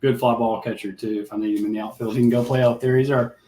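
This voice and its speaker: A man's voice: medium pitch, flat delivery, fast talker, mellow. Easygoing man, roomy sound. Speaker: youth baseball manager. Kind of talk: casual chat. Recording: roomy echo.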